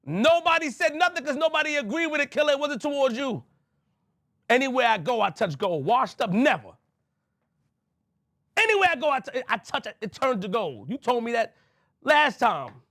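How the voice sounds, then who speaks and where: A man's voice: extremely high pitch, sing-song, moderate pace, a bit bright, no room sound, clean studio sound. A man from Queens, a podcast host speaking to camera, emphatic and repetitive as he addresses someone directly. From Queens, New York.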